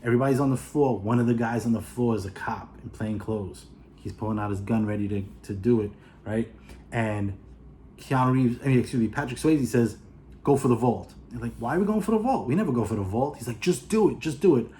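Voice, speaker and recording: A man's voice: mid-range voice, brisk, a little hiss or hum. A man with a New York accent casually retelling a movie plot, acting out the characters' lines. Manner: animated, acts out characters' lines. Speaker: movie reviewer.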